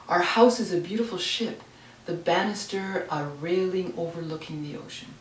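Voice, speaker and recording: A woman's voice: fairly low pitch, a little mellow, a little hiss or hum. A woman poet giving a dramatic reading of her poems at home, sometimes dropping to a whisper. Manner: dramatic, dynamic reading, drops to near whispers. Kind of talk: poetry reading. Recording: roomy, distant home recording.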